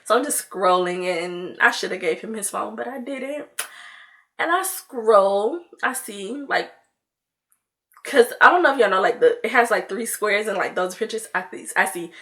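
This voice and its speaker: A young woman telling a storytime tale to her viewers in a loose, chatty way, full of "like" and "you know", and lively when she acts out her own lines. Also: mid-range voice, normal speed. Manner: animated when mimicking herself in dialogue. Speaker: vlogger. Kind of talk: casual storytime chat.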